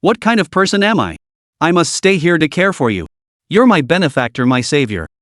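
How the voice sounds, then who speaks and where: A man's voice: a little high, big pitch swings, brisk, a bit bright, dry recording, clean studio sound. A man voicing a young woman who is tearful and pleading, reading her in a storybook recap. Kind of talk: storybook narration.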